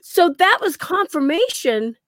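A woman telling paranormal stories on a casual podcast, animated, acting out quotes and laughing often. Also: extremely high pitch, a little slow, dry recording, clean studio sound. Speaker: guest paranormal investigator.

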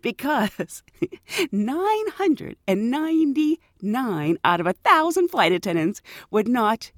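An animated woman telling a story in a bright, lively voice. Her pitch moves a lot as she quotes the people in it. The recording is dry and close, with no room sound. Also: slow pace, no echo. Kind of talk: casual storytelling.

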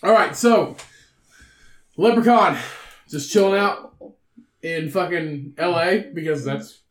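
A man's voice: a little high, slow, echoey room, slight background noise. A man co-hosting a podcast, talking in a rambling, casual way, swearing a lot and laughing often. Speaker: podcast co-host. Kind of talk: casual chat.

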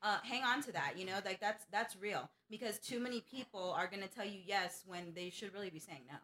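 A woman's voice: medium pitch, fairly quick, sharp tone. A woman in a casual podcast chat giving earnest advice, with some "um" and "uh". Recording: echoey room with faint noise.

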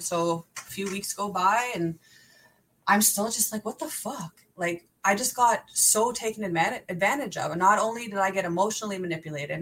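A young woman tells her story as a podcast guest, her voice bright and sharp and sitting a little low. She talks in long profane run-ons, full of exasperation. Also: low-quality recording. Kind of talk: candid storytelling in an interview.

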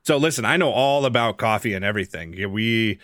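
A man's voice: fairly low pitch, lively intonation, a little fast, fairly bright tone. Laid-back man. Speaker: podcast co-host. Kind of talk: casual chat.

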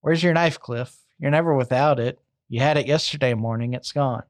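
A man's voice: medium pitch, normal speed, no echo, studio quality, lightly acted. A man voicing a panicked young mother who pleads and shrieks in frantic bursts. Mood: questioning.

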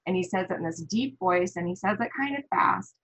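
A woman with a lowish, husky voice speaks fairly quickly on a low-quality recording. She's from the American Midwest and appears as a guest, and a parent, on an interview show. She tells a story animatedly, acting out what others said in lively voices.

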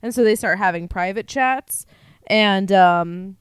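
A woman's voice: medium pitch, a little slow, smooth, no room sound, clean studio sound. A woman co-hosting a casual true-crime chat, telling the story in a profane, laughing way. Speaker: podcast co-host.

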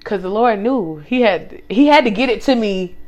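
A woman's voice: mid-range voice, moderate pace. A young woman co-hosting a casual faith podcast, telling a personal story with emphasis, talking straight to listeners and acting out what people said. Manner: animated storytelling, acts out quoted speech. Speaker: podcast co-host.

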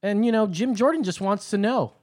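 A man with a somewhat high voice hosts a call-in show. He rambles in loose, profane chat, laughing now and then and circling back over his points. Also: brisk, a little mellow.

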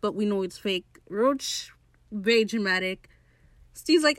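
A woman's voice: mid-range voice, measured pace, no room sound, clean studio sound. A woman in her late teens recapping a TV episode in casual, gushing chat, swearing freely. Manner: excitable, gushing, swears freely, laughs often. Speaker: TV show recap host.

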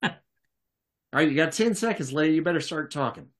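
A man's voice: on the high side, lively intonation, fairly quick, voice pushed up, close to an everyday voice. A man voicing a brash, foul-mouthed male criminal who talks bluntly and profanely. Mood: confrontational.

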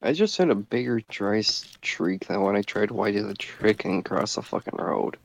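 A man joking around with friends in casual chat, with an expressive delivery. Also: lowish voice, normal speed, gravelly.

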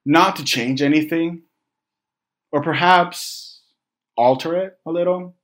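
A young man telling a candid personal story to his viewers, halting and reflective, with many restarts, fillers and casual swearing. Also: fairly high pitch. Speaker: vlogger.

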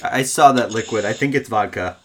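A man's voice: mid-range voice, a little fast, crowd noise. A young man hosting a casual podcast, upbeat and a bit rambling. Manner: upbeat, rambling, self-deprecating. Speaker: podcast host. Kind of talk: casual chat.

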